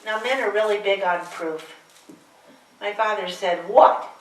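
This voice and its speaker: An older Mary, played by a woman on stage spins her story with wry asides to the listeners. Her voice sits at an ordinary middle pitch. It comes from some distance in an echoey room. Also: unhurried, lightly acted. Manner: chatty, wry asides to the audience. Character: aged Virgin Mary, wry, homespun storyteller. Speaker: one-woman stage performer. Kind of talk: live character monologue.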